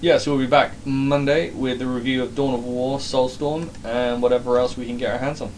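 A man's voice: mid-range voice, fairly even intonation, fairly quick, slight background noise, low-quality recording. A man co-hosting a podcast in a rambling, casual chat. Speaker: podcast co-host.

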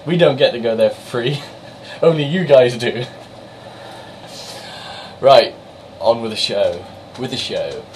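A man's voice: medium pitch, lively intonation, a little mellow, slight background noise, low-quality recording. A man with a Somerset accent co-hosting a podcast, chatting in a jokey way and reviewing games. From Somerset, England. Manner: chatty, jokey, quick to laugh. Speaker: podcast co-host. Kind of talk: casual banter and game reviews.

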